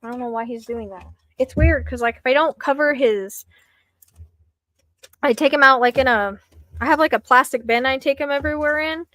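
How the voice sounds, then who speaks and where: Young woman rambling on a late-night home live stream, higher voice, dry close sound, lots of likes and ums. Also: normal speed, fairly bright tone, no room sound. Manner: rambling, filler-heavy, anxious. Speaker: psychic live-stream host.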